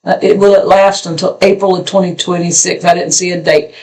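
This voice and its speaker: A woman's voice: lowish voice, little pitch movement, a little mellow. Folksy woman, rambling porch talk. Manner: rambling, folksy, halting with restarts. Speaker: homestead channel co-host. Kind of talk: casual porch chat reading viewer comments.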